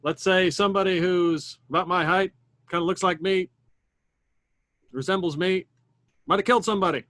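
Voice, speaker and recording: A man's voice: high-pitched, moderate pace, pauses often, fairly bright tone. A man playing a tabletop role-playing game, speaking in terse, clipped lines as his character. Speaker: player.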